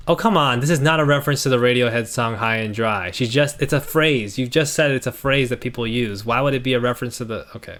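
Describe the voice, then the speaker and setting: A man's voice: medium pitch, fast, few pauses, fairly bright tone. A man streaming casual commentary, reading song lyrics aloud and critiquing them in a sarcastic, thinking-aloud way.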